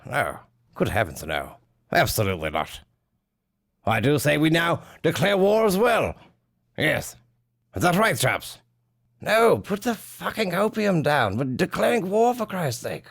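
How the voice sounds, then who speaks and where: A man's voice: fairly high pitch, very animated, measured pace, gravelly, a bit bright, pitched above the performer's own voice, full character voice. A man voicing a fussy, flustered upper-class British man with a mock posh British accent, pompous and exaggerated.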